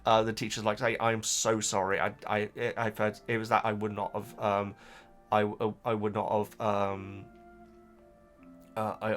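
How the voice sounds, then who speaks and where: A young man casually reacting to a book he is reading, rambling and halting, often stopping to laugh at himself. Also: mid-range voice, fairly bright tone.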